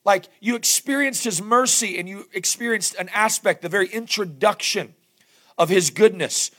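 A man with a Southern accent preaching a sermon, his voice hoarse and strained, asking the congregation questions as he goes. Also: sits high, moderate pace, bright, forceful tone. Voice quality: gravelly. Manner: conversational preaching with rhetorical questions. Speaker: pastor.

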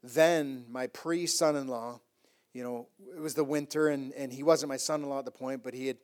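A middle-aged man pastor telling a story in a sermon, animated and rising to loud emphatic bursts, often repeating and restarting phrases. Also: mid-range voice, normal speed.

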